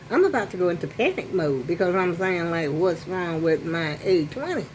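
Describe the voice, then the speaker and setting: A woman's voice: lowish voice, big pitch swings, normal speed, hardly any pauses, darkish tone, a little hiss or hum, low-quality recording. An older woman telling a rambling, chatty story to her phone camera at home. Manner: rambling, chatty, with many restarts and asides. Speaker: vlogger. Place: apartment at home. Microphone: phone on a selfie stick.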